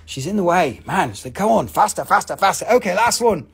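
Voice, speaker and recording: A woman hosting a live online rock and mineral sale, talking excitably with lots of cursing and quick countdowns. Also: fairly low pitch, creaky, slightly rough. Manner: excitable, profane, rapid countdowns. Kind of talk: live online sales show.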